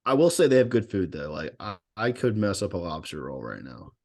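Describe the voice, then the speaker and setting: A man's voice: low voice, sing-song, brisk. A young man co-hosting a casual podcast, easygoing and joking. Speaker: podcast co-host. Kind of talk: casual chat.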